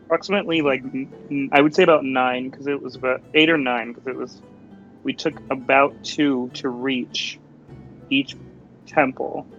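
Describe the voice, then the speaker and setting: A man's voice: medium pitch, steady tone, normal speed, a bit bright, highs cut off, soft background music. A man playing in a tabletop game, casual and full of questions. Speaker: player. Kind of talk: in-character tabletop play.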